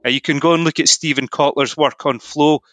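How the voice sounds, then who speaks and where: Bright-voiced Scottish man explaining. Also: fairly high pitch, fairly even intonation, a little fast, no room sound. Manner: earnest, explanatory, frequent "you know". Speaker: podcast guest, mindset coach. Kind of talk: casual podcast conversation.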